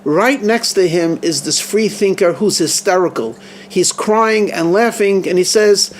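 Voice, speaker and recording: A man, a rabbi, telling a story in an earnest, halting manner, often restarting his phrases. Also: high-pitched. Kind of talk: storytelling sermon.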